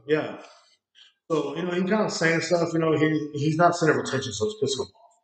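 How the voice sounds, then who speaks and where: A man hosts a podcast, spinning a rambling, cuss-filled anecdote and slipping into voices for the people in it. His pitch sits in the middle for a man. The sound is very echoey and roomy. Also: fairly quick. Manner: profane, rambling anecdote with acted quotes. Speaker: podcast host. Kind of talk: casual storytelling. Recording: very echoey room.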